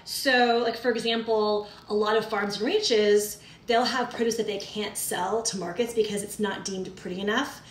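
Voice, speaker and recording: A woman's voice: mid-range voice, fairly even intonation, moderate pace, few pauses, noisy background. Chatty woman cooking in an echoey kitchen. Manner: chatty, talks viewers through each step. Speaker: cooking show host. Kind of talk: casual cooking demonstration. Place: home kitchen. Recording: echoey kitchen, mic at a distance, clattering dishes.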